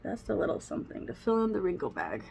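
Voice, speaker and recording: Chatty woman with a gravelly voice. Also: medium pitch, wildly swooping pitch, quick pace, darkish tone, a little hiss or hum. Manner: chatty, rambling, laughs often. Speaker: beauty vlogger. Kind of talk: casual get-ready-with-me chat. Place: at home.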